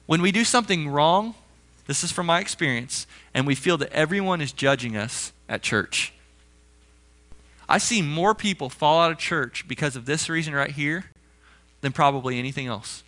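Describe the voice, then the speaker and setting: Young male pastor, high bright voice, conversational animated sermon delivery. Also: normal speed. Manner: conversational, animated storytelling preacher.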